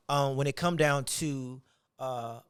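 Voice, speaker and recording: Relaxed, joking man hosting a podcast. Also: medium pitch, clear, resonant tone, dry recording, clean studio sound. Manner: relaxed, supportive, joking asides. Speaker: podcast host. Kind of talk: casual podcast chat.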